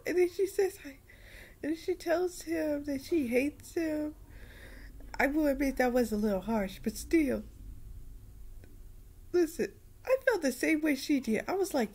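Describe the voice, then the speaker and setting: A woman giving a casual anime review, rambling and repeating herself in an animated way. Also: sits high, a little slow, pauses often.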